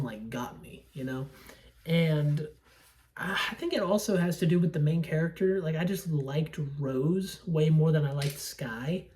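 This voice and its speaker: Young woman host, low-ish voice, rambling and profane, sits a bit back from the mic. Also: mellow, distant mic. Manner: rambling, profane, self-interrupting. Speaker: podcast host reviewing movies. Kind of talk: casual solo movie talk. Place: at home.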